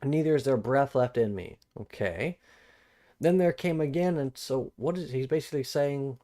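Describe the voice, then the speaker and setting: The man's voice is medium-pitched and dark, with lively intonation and a normal speed. Streaming a Bible study, he reads aloud and comments, thinking aloud, rereading verses, and repeating phrases as he puzzles, with casual asides breaking up the formal scripture.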